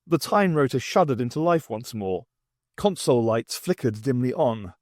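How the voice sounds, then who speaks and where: A man reads a novel aloud as an audiobook, his middle-pitched voice moving lively through the story. The sound is close and dry, with no room echo. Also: normal speed. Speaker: audiobook reader.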